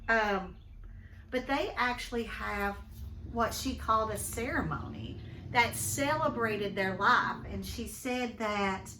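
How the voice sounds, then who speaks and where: A woman's voice: fairly high pitch, takes it slowly, bright, forceful tone, echoey room, a little hiss or hum. A woman teacher, recording a lesson at home, talking thoughtfully with many ums. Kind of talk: recorded class lesson, reading and discussion.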